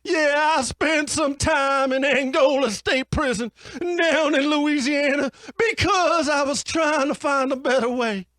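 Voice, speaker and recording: A man puts on a scheming preacher with a booming, folksy delivery. The voice sits very high and bright. It is recorded dry and close, in an improv comedy bit. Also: measured pace, no echo. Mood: blustering. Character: shouty Southern preacher man, scheming ex-con.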